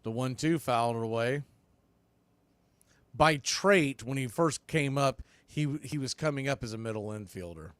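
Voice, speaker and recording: A man doing casual live baseball play-by-play on a watch-party stream, chatting between pitches and often repeating words as he explains. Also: lively intonation, unhurried, clear, resonant tone, no echo. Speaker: play-by-play announcer.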